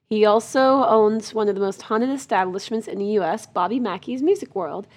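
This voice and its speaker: A woman co-hosting a podcast, chatting casually and reading a listener's story, reacting with warm gasps and aws. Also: mid-range voice, normal speed. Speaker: podcast co-host.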